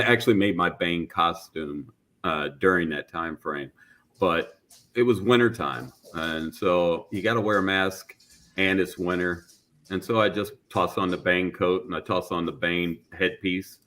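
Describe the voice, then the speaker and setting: A man's voice: low-pitched, sharp tone. A man talking casually on a podcast panel about cosplay, rambling with fillers and restarts.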